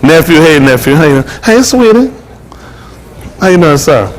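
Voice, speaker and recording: A man's voice: on the high side, big pitch swings, normal speed. An older man filming at a wedding with a handheld phone, teasing the guests and chatting with them in playful, casual banter. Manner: playful, teasing, Southern Black vernacular speech. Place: wedding venue, indoors among guests.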